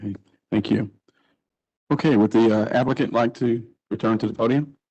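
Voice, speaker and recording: A man chairing a public hearing, brisk and procedural. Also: medium pitch, a little mellow, breathy edge, dull audio. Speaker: commission chair.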